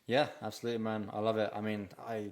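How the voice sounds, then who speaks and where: Man, low-ish voice, easygoing interview host, casual chat. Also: flat delivery, fast. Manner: laid-back, lots of "yeah, man" and laughter. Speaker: podcast host.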